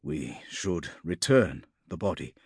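A man reading a storybook voices a weary, steady male veteran in a low, matter-of-fact tone. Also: slow, vocal fry, breathy edge, no echo, studio quality, exaggerated voice. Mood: grim calm. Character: weary male veteran troubleshooter, calm, dry.

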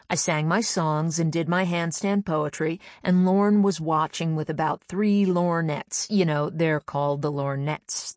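A woman's voice: deep voice, no room sound, studio quality. A comedian telling a personal story in a chatty way, sometimes acting out the voices of people she quotes. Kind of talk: anecdotal storytelling.

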